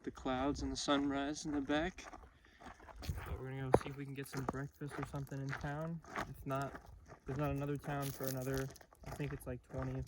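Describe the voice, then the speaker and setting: A young man narrating his hiking trip in a relaxed, upbeat, chatty way, filmed outdoors on a mountain trail with a handheld camera. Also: mid-range voice, fairly quick. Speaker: hiker filming his own trip. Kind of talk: casual vlog narration. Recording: noisy outdoor camera audio.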